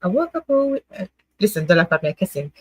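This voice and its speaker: A woman's voice: mid-range voice, very animated, quick pace, dry recording, low-quality recording. A woman hosting a casual poetry night livestream, chatting and laughing, coaxing viewers to join, then reading her own poem. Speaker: livestream host.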